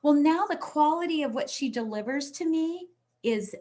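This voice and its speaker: A woman's voice: sits high, expressive, normal speed, mellow. A woman speaking as a podcast guest and coach, explaining earnestly and acting out quoted people. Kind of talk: casual interview chat.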